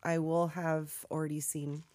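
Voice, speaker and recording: A woman's voice: deep voice, flat delivery, unhurried, a little mellow. A woman co-hosting a podcast in a casual chat, recorded in an open garage, joking, laughing and swearing often. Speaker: podcast co-host.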